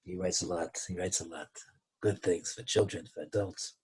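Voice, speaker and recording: Husky guy telling a story, lots of restarts, stumbles and repeats himself. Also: low-pitched, steady tone. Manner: halting, many restarts, acts out quoted shouting. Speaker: speaker telling a moral story. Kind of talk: storytelling talk.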